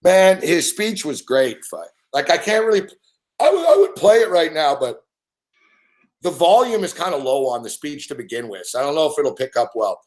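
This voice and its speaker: A man's voice: on the high side, normal speed. A man with a somewhat raised voice hosts a loose sports talk, getting worked up and swearing freely. He tosses in "dude" and "man" as he tells a story. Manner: excitable, swears a lot, says "dude" and "man". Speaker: show host. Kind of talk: casual profane sports chat.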